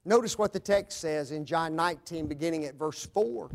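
A male preacher delivering a sermon, swinging dramatically between loud proclamation and hushed low tones. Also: normal speed, few pauses.

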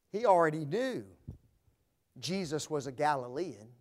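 A male preacher delivering a sermon, swinging dramatically between loud proclamation and hushed low tones. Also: lively intonation, slow pace.

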